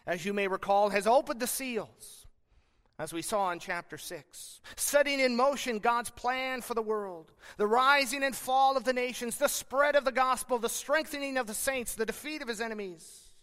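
A man preaching a sermon as pastor, earnest and emphatic, with slow deliberate pauses. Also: extremely high pitch, bright, forceful tone, clean tone, big-room sound.

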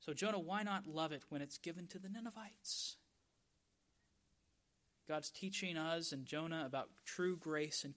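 A man preaching a sermon as pastor, stressing key words by drawing them out slowly. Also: a little high, bright, forceful tone.

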